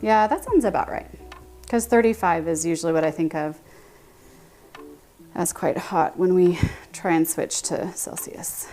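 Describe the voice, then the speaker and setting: Woman chatting on a baking stream from her kitchen, answering chat, laughing a lot, soft music in the background. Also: on the low side, measured pace, pauses often. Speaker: livestream baking host. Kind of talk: casual live-stream chat while baking. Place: home kitchen.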